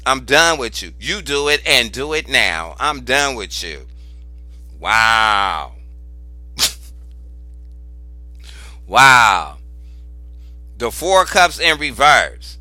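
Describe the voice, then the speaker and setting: Animated, bright-voiced man doing a tarot reading. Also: medium pitch, slow pace, no room sound. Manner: animated, exclaims and repeats phrases for emphasis; informal, cusses freely. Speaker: tarot reader. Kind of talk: casual tarot reading vlog.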